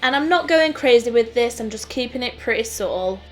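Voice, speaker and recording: A woman with a Nottingham accent explaining makeup steps in a clear, scripted tutorial voice-over. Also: fairly high pitch, animated, fairly quick. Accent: English Midlands (Nottingham). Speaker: makeup artist host. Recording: voice-over with faint music.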